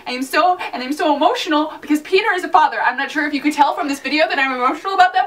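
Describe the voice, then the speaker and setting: High, lively young woman gushing from a distance. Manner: gushing, fast bursts, emotional. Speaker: fan vlogger reviewing a TV episode. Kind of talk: excited fan reaction chat. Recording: voice a little far from the mic.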